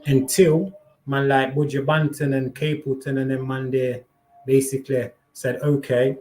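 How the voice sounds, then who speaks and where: A man's voice: mid-range voice, little pitch movement, moderate pace, darkish tone, soft background music. A man chatting casually on a live stream, slangy and rambling, swearing freely.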